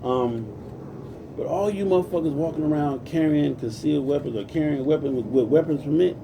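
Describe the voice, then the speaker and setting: A man's voice: on the high side, a little fast, creaky, distant mic, noisy background. Profane man in his forties ranting. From Compton, California. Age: 40s. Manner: profane, preachy, greets viewers by name. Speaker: livestream host. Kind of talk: casual livestream rant.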